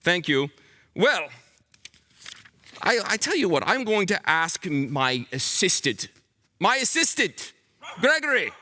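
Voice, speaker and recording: A man hamming up a bumbling, excitable detective for kids, his voice riding high and swooping wildly. The tone is bright and theatrical. He throws in big dramatic flourishes as he works the room. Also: slow pace, long pauses, a little hiss or hum, heavily acted. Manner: theatrical, playful, dramatic exclamations. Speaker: children's Bible school teacher. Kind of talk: comic character acting for children.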